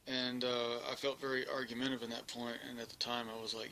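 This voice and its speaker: A man telling a first-person story, halting often, restarting sentences and searching for words. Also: medium pitch, little pitch movement, sharp tone, slight background noise, poor audio. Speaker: experiencer recounting an encounter.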